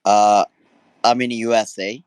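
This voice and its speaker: Halting low-voiced male caller. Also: little pitch movement, darkish tone, smooth, dry recording. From Asia. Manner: hesitant, halting, many restarts. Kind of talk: phone-in caller.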